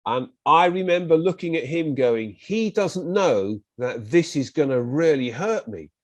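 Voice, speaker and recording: A man's voice: fairly high pitch, unhurried, no room sound. A British man, a podcast guest, vividly retelling his story in casual conversation and acting out what others said. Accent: British English. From Britain. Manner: vivid retelling with acted quotes, animated bursts.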